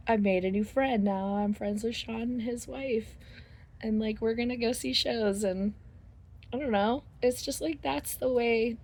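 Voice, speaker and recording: A woman's voice: medium pitch, a little mellow. A middle-aged woman telling a rambling, casual story to her viewers, laughing often and swearing freely. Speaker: vlogger.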